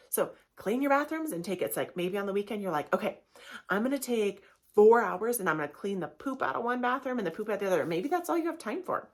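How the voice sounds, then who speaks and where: A woman in her thirties hosting a casual solo podcast, talking in a chatty, candid way and often acting out quick voices. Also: mid-range voice, expressive. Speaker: podcast host.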